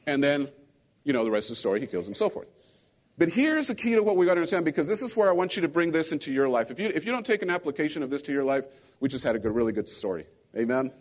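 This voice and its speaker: Animated high-voiced man preaching. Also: racing. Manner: animated storytelling, acting out quotes, asking the congregation. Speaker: pastor. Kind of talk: sermon.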